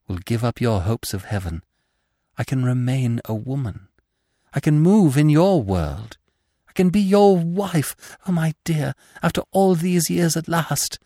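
Male narrator doing a tender ghost-woman lover, burned witch, slow and swooping, storybook reading. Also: medium pitch, creaky, dark tone, no echo, clean studio sound, full character voice. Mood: yearning. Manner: yearning, tender and pleading. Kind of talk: dramatic audiobook reading.

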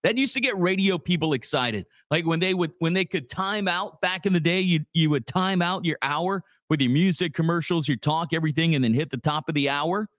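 A Louisiana man hosts a live morning radio show from a small office studio, chatting in a laid-back way, saying "dude" a lot, and reading sponsor plugs. His voice sits on the high side and is a bit bright, and he talks fairly quickly with few pauses; there is no room sound.

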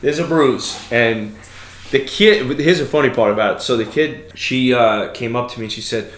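A man's voice: mid-range voice, normal speed, a bit bright, echoey room. A man in his thirties from New York, hosting a podcast and telling stories in a loose, casual way, swearing freely. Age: 30s. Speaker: podcast host. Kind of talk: casual chat.

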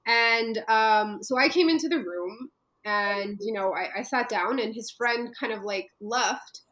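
A woman from Canada telling a personal story as an interview guest, earnest and halting, with many fillers and restarts. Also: fairly high pitch, fairly bright tone, rough recording.

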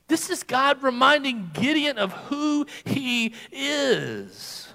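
A man delivers a sermon at a church service, his voice high and bright with a forceful edge. He presses his points emphatically and sinks into hushed, quiet delivery when he quotes. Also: big pitch swings, slow, vocal fry, few pauses. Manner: emphatic, dropping to hushed tones for quoted words. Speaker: preacher.

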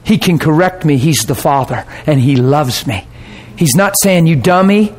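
A man preaching, telling a personal story in an animated way and dropping to a soft voice for quoted words. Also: on the high side, normal speed, husky. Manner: animated storyteller, acts out quoted voices, laughs and gets emotional. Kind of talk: sermon storytelling.

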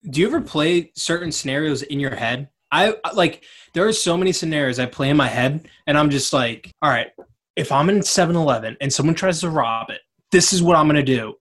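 A man's voice: a little high, expressive, a little fast, a bit bright. A young man chatting casually, rambling and searching for the right words. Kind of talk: casual chat.

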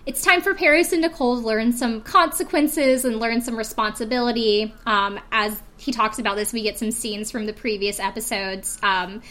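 A woman hosting a podcast recap in relaxed, wry chat. Her voice sits a little high and sounds bright and clear. She talks loosely, with lots of fillers and asides. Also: normal speed, hardly any pauses. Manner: chatty, wry, many fillers and laughs. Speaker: podcast co-host. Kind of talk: casual chat recapping a reality show.

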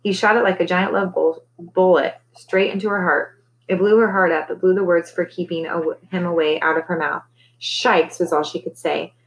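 A woman teacher reading a novel aloud to her class, relaxed, with conversational asides between chapters. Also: on the low side, brisk, poor audio.

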